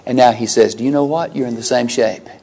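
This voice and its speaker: A man preaching a sermon, reading scripture aloud and shifting between loud emphatic declaiming and quiet low asides. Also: fairly even intonation, fast talker.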